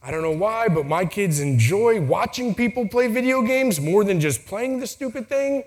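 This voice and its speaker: A man in his thirties with a high-pitched, lively voice gives a casual talk to an audience at normal speed, joking and acting out quotes in family stories. The venue uses a timer for speakers.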